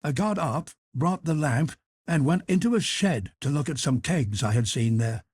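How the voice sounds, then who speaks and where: A man reads a classic novel aloud in a measured, steady narration. His voice sits a little high for a man and is recorded dry and close, with no room sound. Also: breathy edge, no echo. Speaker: audiobook narrator. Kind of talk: scripted narration.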